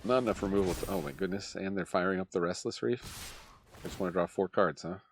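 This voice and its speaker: Man, lowish voice, casual card-game play-by-play, desk mic with faint noise. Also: fast talker. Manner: chatty, muttering play-by-play with sighs and laughs. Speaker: gameplay commentator.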